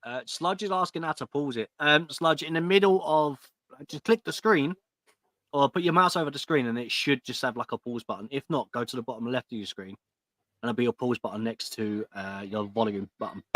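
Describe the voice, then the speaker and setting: A man's voice: medium pitch, a little fast, a bit bright, dry recording, studio quality. A man co-hosting a live wrestling watch-along, chatting with viewers and laughing often as he reacts.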